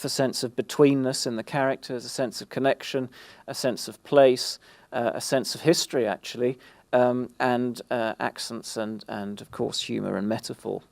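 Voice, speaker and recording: A man presenting at an industry event in a gravelly mid-pitched voice, recorded dry and close. He pauses and restarts often as he walks through his points. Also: steady tone, darkish tone, no echo. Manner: halting, many fillers and restarts. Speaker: conference speaker. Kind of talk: presentation talk.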